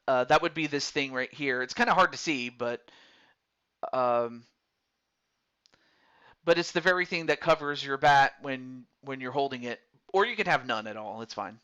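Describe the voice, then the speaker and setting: Chatty man streaming a game, bright tone. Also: mid-range voice, normal speed, smooth, dull audio. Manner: chatty, talks through menu choices aloud. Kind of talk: casual game commentary.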